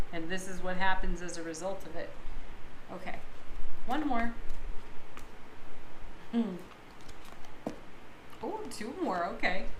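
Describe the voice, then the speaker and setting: A woman giving a daily tarot reading to viewers, with soft, drawn-out affirmations and breathy little laughs. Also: mid-range voice. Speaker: tarot card reader. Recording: echoey room with clear background noise.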